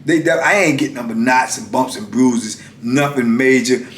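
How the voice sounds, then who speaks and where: Animated middle-aged man telling a story. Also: normal speed. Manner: animated, acts out shouted exchanges, slangy and emphatic. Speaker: former prisoner telling his story. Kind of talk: casual storytelling. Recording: echoey room with faint rumble.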